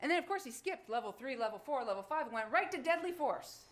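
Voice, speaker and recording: A woman's voice: sits high, lively intonation, fast talker, roomy sound. A woman prosecutor delivering a closing argument to a jury in a courtroom, with pointed, sarcastic rhetorical questions.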